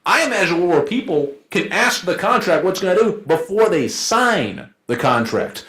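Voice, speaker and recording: A man arguing his side in a debate as a lawyer, in a joking and rhetorical way with quick asides. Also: high-pitched, sing-song, pushed and bright. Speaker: debater, law firm associate. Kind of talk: informal debate argument. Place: event room. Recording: echoey room.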